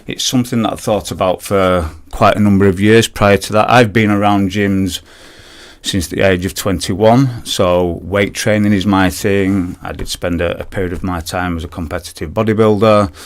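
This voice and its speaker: A man in his forties speaks with a Yorkshire accent and a fairly low voice. He answers radio interview questions in a loose, chatty way, often restarting his sentences and reaching for words with fillers. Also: fairly even intonation, normal speed. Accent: Yorkshire English. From Yorkshire, England. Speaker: guest, personal trainer.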